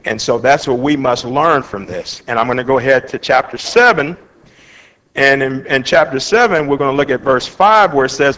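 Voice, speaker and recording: A man's voice: mid-range voice, moderate pace, big-room sound, poor audio. A man teaching an informal Bible study, reading verses aloud and then explaining them in a plain, conversational way. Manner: animated, acts out Job's feelings in his own words.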